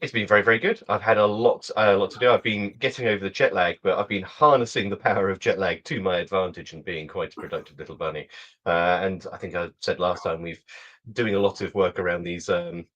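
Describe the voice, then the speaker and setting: A man with a very low voice hosts a podcast in easy casual chat. He greets listeners cheerfully and slips in light jokes between stories. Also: fast talker, highs cut off. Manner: upbeat, jokey, animated opener. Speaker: podcast co-host.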